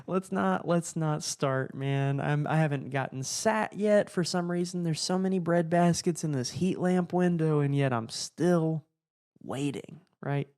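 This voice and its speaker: A young man talks through a loose comedic podcast monologue, jumping from one thought to the next and cursing along the way. His voice is mellow and relaxed, and he keeps cutting himself off mid-sentence. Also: a little high, slow. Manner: rambling, profane, self-interrupting, laughing at his own jokes. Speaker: podcast host.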